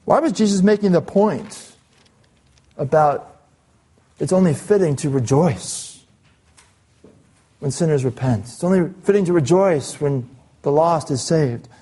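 A male pastor preaching an expository sermon, reading scripture aloud and slowing down to stress key phrases. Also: on the high side, animated, warm tone, slightly rough.

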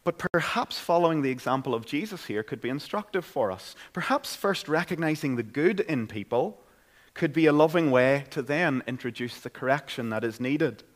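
A man's voice: on the high side, lively intonation, normal speed. Earnest Northern Irish preacher man. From Northern Ireland. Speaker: pastor. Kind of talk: sermon. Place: church.

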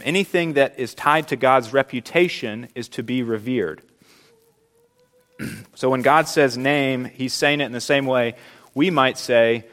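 A pastor preaches earnestly and emphatically at a middle pitch, his voice a bit bright, leaning hard into key words and slowing right down on them.

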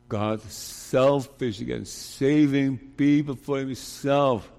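A man preaching a sermon as pastor, deliberate and emphatic, asking his listeners rhetorical questions. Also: mid-range voice, darkish tone. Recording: long reverb of a large hall.

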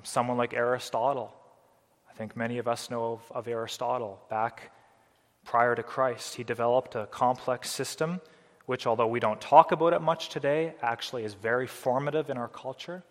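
A man's voice: medium pitch, a bit bright. A man preaches an earnest sermon, explaining scripture with a voice that swells and drops for emphasis. His mid-range voice rings out with a long reverb that fills the hall around him. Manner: earnest preaching, rising and falling dynamically. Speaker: pastor.

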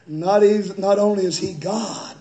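A male pastor preaching a fiery sermon in a church, swinging from quiet, slow reading to high, shouted preaching. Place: church sanctuary. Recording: echoey church room.

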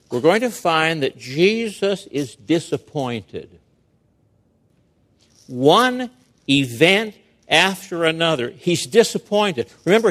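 Male pastor, fairly high voice, slow deliberate sermon delivery with dramatic emphasis. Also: fairly bright tone. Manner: emphatic and rhetorical, dramatic verse reading. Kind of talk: expository sermon.

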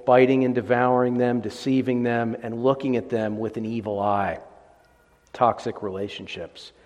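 A man preaching an expository sermon, emphatic and deliberate, setting out measured lists. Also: mid-range voice, a little mellow, big-room sound.

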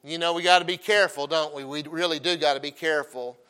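Folksy preacher man, bright voice. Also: on the high side, steady tone, fast talker, clear, resonant tone. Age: middle-aged. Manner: folksy and humorous, swinging from loud emphasis to quiet asides. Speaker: pastor. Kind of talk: folksy sermon with storytelling.

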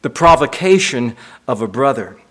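A man's voice: mid-range voice, lively intonation, normal speed. A man delivering a sermon as pastor, emphatic and repetitive, asking rhetorical questions.

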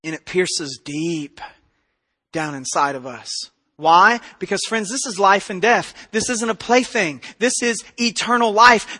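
A pastor preaching a sermon with passion, moving between loud emphasis and quiet intensity. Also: male voice, high-pitched, unhurried, slightly rough. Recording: reverberant hall.

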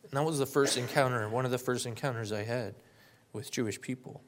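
A man's voice: medium pitch, fairly quick. Earnest young man preaching a testimony. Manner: earnest, heartfelt storytelling, rising to fervent emphasis. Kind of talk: personal testimony and sermon.

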